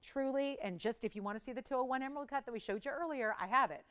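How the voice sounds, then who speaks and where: A woman's voice: high-pitched, racing, a bit bright. A woman hosting a live TV jewelry shopping show, counting prices down in an upbeat, persuasive sales patter.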